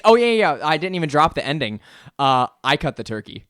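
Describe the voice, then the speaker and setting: Animated young man telling a story. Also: a little high, normal speed, clean tone, no echo, clean studio sound. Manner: animated storyteller, laughs often, acts out quotes. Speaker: podcast co-host. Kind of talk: casual chat, telling a story.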